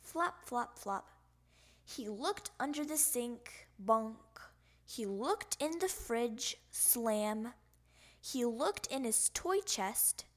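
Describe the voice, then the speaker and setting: A woman's voice: a little high, expressive, drawn-out words. A woman reading a picture book aloud for children, playfully speaking the sound effects. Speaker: storybook reader.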